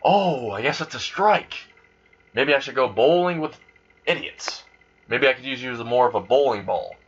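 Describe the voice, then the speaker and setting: A man's voice: mid-range voice, expressive, normal speed, slightly rough. A man voicing a cold, threatening teenage male student who talks bluntly and mockingly, on a dull lo-fi recording.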